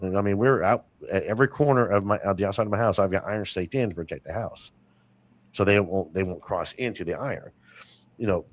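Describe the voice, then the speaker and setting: A man with a low-pitched voice talks fast as a guest in a casual podcast interview. He tells long, rambling stories packed with fillers and restarts.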